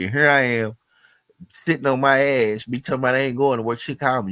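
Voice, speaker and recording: A man's voice: mid-range voice, fairly quick, sharp tone, no echo. A man from Louisiana talking in casual chat as a podcast guest, swearing freely and acting out the voices in his stories. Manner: profane, storytelling, acts out quoted voices.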